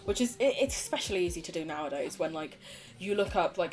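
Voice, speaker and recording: A woman's voice: mid-range voice, sing-song, fast talker, soft background music. A young British woman chatting casually on a gaming livestream, wandering off on tangents and laughing often. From United Kingdom. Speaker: streamer.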